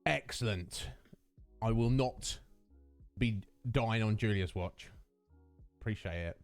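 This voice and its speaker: A man's voice: lowish voice, slow, no room sound, soft background music. A man, chatting casually with his livestream viewers, greeting them by name and laughing often. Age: 30s. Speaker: streamer.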